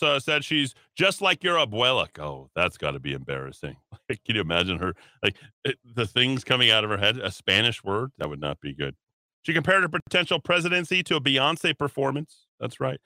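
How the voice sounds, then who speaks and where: Male talk radio host, sarcastic and mocking, sharp tense voice, dry close sound. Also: medium pitch, no room sound. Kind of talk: opinionated political talk radio.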